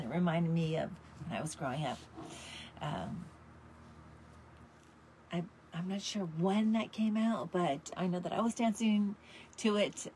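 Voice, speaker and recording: An upbeat middle-aged woman hosts a motivational talk, her voice sitting a little low. She encourages listeners and breaks into bits of songs. A faint background hum sits under her voice. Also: darkish tone. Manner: upbeat, sings snippets of songs. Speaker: show host.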